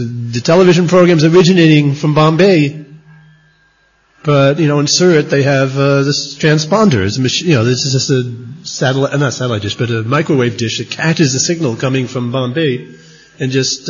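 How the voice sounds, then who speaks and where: A man's voice: mid-range voice, normal speed, husky. A man teaching a scripture lecture as a religious teacher, emphatic and repeating his key points. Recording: dull lo-fi recording.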